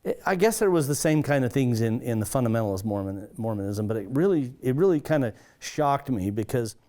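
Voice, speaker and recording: An earnest man of middle pitch telling a personal testimony, stumbling and restarting as he searches for words. His voice lifts and livens whenever he acts out what someone else said. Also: lively intonation, warm tone. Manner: earnest, halting, with many restarts. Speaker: pastor.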